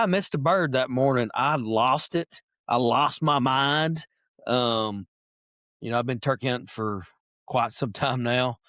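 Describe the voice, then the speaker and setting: A man telling a hunting story as a podcast guest, animated and lively, acting out voices and clearing his throat often. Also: medium pitch, no echo, clean studio sound. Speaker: podcast guest, wildlife biologist. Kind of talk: casual storytelling.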